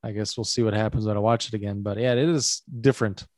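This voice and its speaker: A man's voice: lowish voice, fairly even intonation, fast talker, a little mellow, no room sound. Easygoing man chatting about movies. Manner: laid-back, laughs often. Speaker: podcast co-host. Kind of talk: casual movie chat.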